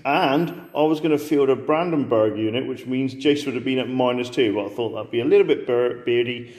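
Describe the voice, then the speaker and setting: A man with a medium-pitched, slightly mellow voice casually commentates a tabletop wargame he is playing as host, chatty and joking with quick asides. The sound carries the long reverb of a roomy hall.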